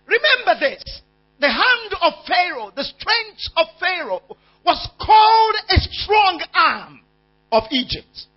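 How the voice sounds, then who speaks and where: Slow, high-pitched shouting male preacher. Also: sing-song, faint music behind. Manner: call-and-response preaching, dramatic shouts and questions to the congregation. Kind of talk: sermon. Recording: dull lo-fi sound with mains hum.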